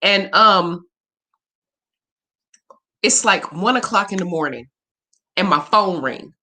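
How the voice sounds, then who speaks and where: A woman's voice: on the low side, lively intonation, slow, bright, forceful tone. Woman, spiritual reader hosting a livestream; candid, emotional, salty chat. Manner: candid, profane, emotional and chatty. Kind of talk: casual livestream Q&A.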